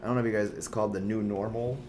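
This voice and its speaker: A man's voice: lowish voice, fairly even intonation, racing, darkish tone, a little hiss or hum. A young man from Montreal, a comedian and actor, chatting casually as a podcast guest with a laid-back, self-deprecating manner. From Canada, Montreal.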